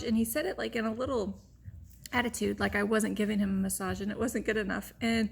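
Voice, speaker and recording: Gravelly-voiced woman telling a personal story. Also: mid-range voice, fairly even intonation, brisk. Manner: open, rambling, heavy use of "like" and "you know". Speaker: vlogger. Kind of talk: candid personal storytelling to camera.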